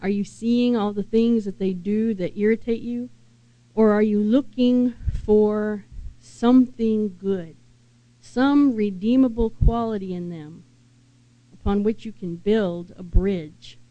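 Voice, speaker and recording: The sermon comes from a woman speaking in a steady mid-range tone, earnest and unhurried, frequently questioning her audience. The recording carries no room sound, but its highs are cut off.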